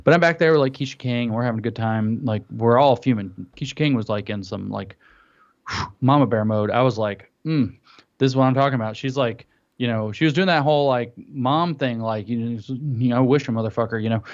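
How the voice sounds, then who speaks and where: A man telling an animated story in casual chat, acting out what others said. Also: mid-range voice, moderate pace. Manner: animated storytelling, acts out quotes. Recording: dull lo-fi audio.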